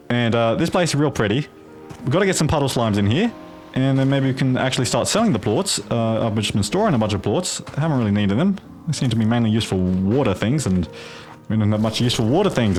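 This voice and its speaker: Man, put-on Australian accent, gameplay commentary, rambling, sweary, mid-pitched. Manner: rambling, profane, jokey asides. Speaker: gaming video host.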